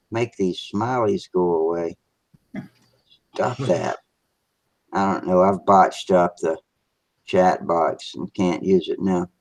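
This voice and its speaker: A man's voice: low-pitched, no room sound. A man hosting a casual video call hangout, rambling along as he fumbles with his computer. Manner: rambling, narrates his own computer trouble. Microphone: computer mic on a video call.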